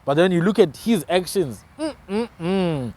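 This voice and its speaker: A man's voice: high-pitched, animated, brisk, darkish tone. A South African man hosting a casual discussion, talking emphatically and often tagging his phrases with "man". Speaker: podcast host.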